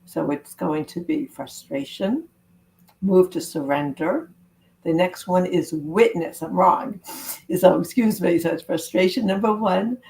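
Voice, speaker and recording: A woman love coach giving an earnest, gentle self-help talk to camera, with spiritual wording. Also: lowish voice, animated, a little slow, vocal fry, low-quality recording.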